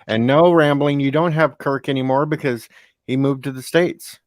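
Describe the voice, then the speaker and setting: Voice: mid-range voice, steady tone, darkish tone, dry recording, clean studio sound. A stream co-host teasing the others and telling jokes in casual chat. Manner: teasing, quick joke-telling.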